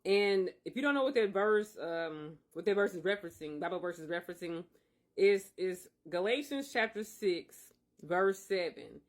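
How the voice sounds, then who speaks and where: A man's voice: high-pitched, expressive, moderate pace. Earnest man giving a faith testimony. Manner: earnest, emphatic, circling back with repeated phrases. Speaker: podcast host. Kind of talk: personal faith testimony monologue.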